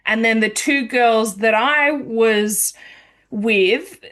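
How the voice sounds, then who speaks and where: A woman hosting a podcast tells a personal story at an unhurried pace. Her voice sits a little high, and she talks in a candid, meandering way. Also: fairly bright tone. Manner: candid, meandering anecdote-telling. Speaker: podcast host.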